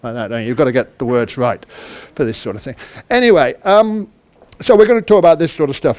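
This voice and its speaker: A man from the United Kingdom speaks to a conference hall, his voice sitting a little high for a man. He talks in a chatty, self-deprecating way and keeps throwing questions at the audience. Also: sing-song, quick pace, a little mellow. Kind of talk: interactive conference talk.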